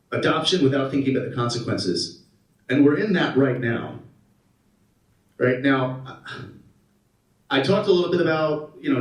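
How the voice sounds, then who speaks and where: A man in his thirties giving a conference keynote, an animated storyteller who asks the audience questions. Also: medium pitch. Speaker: keynote speaker. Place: conference hall. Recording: roomy hall, mic at a distance.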